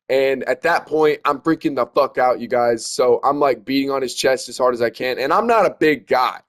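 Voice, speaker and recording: A young man telling a story to his viewers in casual, profane, emphatic speech, calling them guys and bro. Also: mid-range voice. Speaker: storyteller vlogger.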